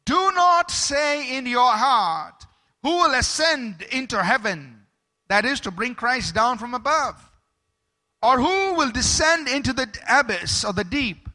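A man's voice: very high-pitched, lively intonation, measured pace, bright, forceful tone. A man preaching a sermon as pastor, emphatic, stopping to ask the congregation for amens.

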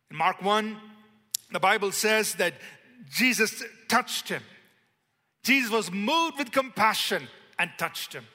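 A man's voice: high-pitched, sharp tone. Emphatic male preacher in a reverberant hall. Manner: emphatic, slows to stress key words; leads congregation in call-and-response. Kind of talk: sermon.

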